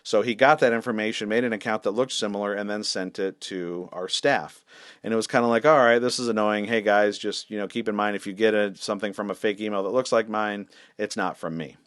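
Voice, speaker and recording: A man's voice: fairly low pitch, fairly even intonation, fairly quick, a bit bright, clear, resonant tone, no room sound, studio quality. A man, a senior pastor, telling a story in a casual, wry, self-deprecating way with lots of fillers.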